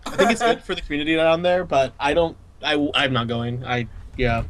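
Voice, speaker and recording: Young man, podcast co-host, rapid pace, a bit high, dry jokes. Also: fairly bright tone. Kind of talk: casual chat.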